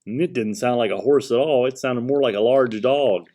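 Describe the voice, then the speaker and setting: A man narrating a children's storybook aloud, reading in a gentle, expressive way. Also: medium pitch, moderate pace. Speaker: audiobook narrator.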